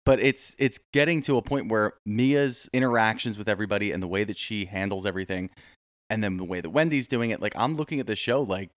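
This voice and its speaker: A man's voice: on the low side, fast, no echo, clean studio sound. A man co-hosting a casual reality TV recap podcast, ranting bluntly with plenty of swearing. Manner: blunt, profane, opinionated rants. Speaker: podcast co-host.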